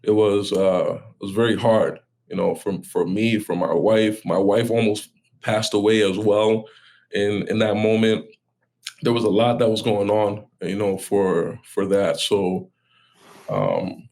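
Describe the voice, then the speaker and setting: A man in his thirties with a low, gravelly voice that sits on a husky fry. He talks in a halting, reflective way as an interview guest, restarting sentences and correcting himself as he goes. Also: darkish tone. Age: 30s.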